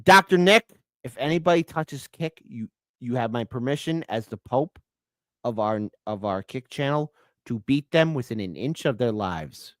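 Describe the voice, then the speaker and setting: Male livestream host, blunt and profane, very animated pitch, dry room. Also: moderate pace, no echo. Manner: blunt and profane, swinging between ranting and joking. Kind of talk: casual political livestream talk.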